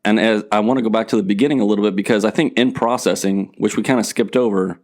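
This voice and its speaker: A man in his forties with a lowish voice, guiding a relaxed podcast conversation. He turns topics over to the others with plain, easygoing questions. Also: fast talker. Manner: steers the talk, asks the others questions. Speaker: podcast co-host. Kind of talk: casual chat.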